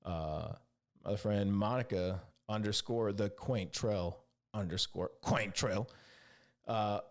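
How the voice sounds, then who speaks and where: A man with a fairly low, slow voice hosts a podcast solo, rambling casually through profane stories about his Army days. The California native and Army veteran brings the tales to life by acting out the other people's lines in animated quoted dialogue.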